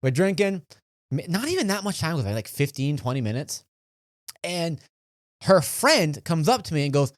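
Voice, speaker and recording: A man's voice: a little high, normal speed, no echo, studio quality. A young man co-hosting a podcast, casually telling a story and acting out other people's lines. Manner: animated, acts out quoted voices. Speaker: podcast co-host.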